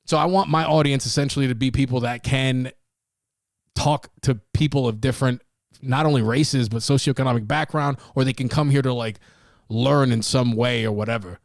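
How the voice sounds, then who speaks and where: A man's voice: medium pitch, fairly even intonation, moderate pace, dry recording, clean studio sound. A man hosting a casual solo podcast, talking bluntly and profanely, rambling with restarts. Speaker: podcast host.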